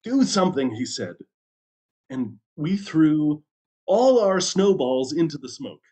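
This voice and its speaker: A man, a minister, reading a story aloud at a church service with an expressive storytelling delivery. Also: on the high side, slow.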